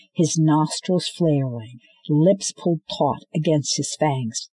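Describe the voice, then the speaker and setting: A man reads a novel aloud at a steady storytelling pace, shifting into characters' voices for the dialogue. His voice is husky and sits a little high. The sound is dry and close. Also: no echo, rough recording. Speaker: audiobook narrator. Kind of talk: scripted narration.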